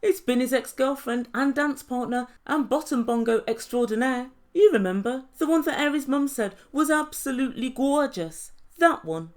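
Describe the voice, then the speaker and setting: A woman recapping reality TV episodes in a sarcastic, gossipy tone with dramatic pauses. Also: high voice, a little mellow. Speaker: reality TV reviewer.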